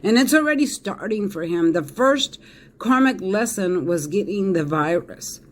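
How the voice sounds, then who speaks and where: A man's voice: sits high, expressive, unhurried, a little hiss or hum. A man giving a casual tarot reading, talking emphatically and repeating himself with fillers and restarts. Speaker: tarot reader.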